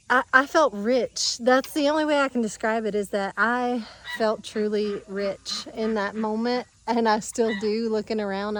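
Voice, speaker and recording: A woman talking in a heartfelt monologue, emotional and gushing, laughing often and restarting her sentences. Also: mid-range voice. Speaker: homesteading vlogger. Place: outdoors at a farm orchard.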